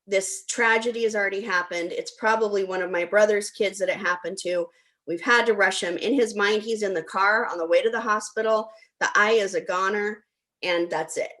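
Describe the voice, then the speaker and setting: A woman's voice: mid-range voice, fairly even intonation, normal speed, a bit bright. A middle-aged woman hosting a talk, telling a personal story in a chatty way with frequent ums. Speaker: host.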